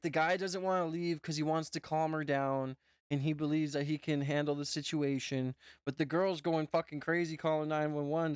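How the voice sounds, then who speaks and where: A man's voice: fairly high pitch, smooth, no echo. A man with a North Dakota accent, a streamer giving loose, profane reaction commentary full of "bro" and "man".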